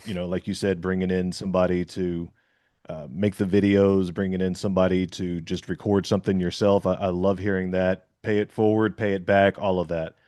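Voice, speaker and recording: A man runs a relaxed interview. He talks in a chatty, rambling way, full of fillers and restarts. The recording is dry and close. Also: low-pitched, fairly quick, no echo. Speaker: podcast interviewer. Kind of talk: casual interview chat.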